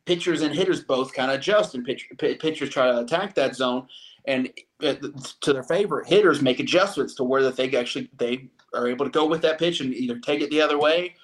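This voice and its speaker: A man's voice: mid-range voice, fairly quick. A man co-hosting a sports podcast, talking casually in a rambling way with many restarts.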